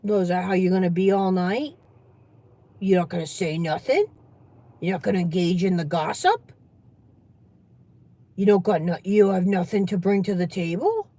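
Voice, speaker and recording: A woman's voice: on the low side, lively intonation, normal speed, long pauses, warm tone, pitched below the performer's own voice. A woman voicing a nosy relative who keeps needling someone with probing questions at a holiday dinner.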